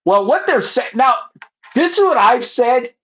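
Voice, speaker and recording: A middle-aged man hosting a podcast in casual chat, excitable and stumbling over repeated words. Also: very high-pitched, measured pace. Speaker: podcast host. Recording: muffled lo-fi phone audio.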